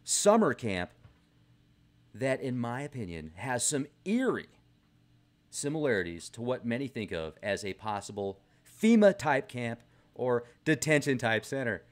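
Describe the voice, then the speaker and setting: A man's voice: medium pitch, measured pace. A man vlogging from a garage in a rambling, sarcastic casual rant to camera. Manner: animated, rambling, sarcastic asides.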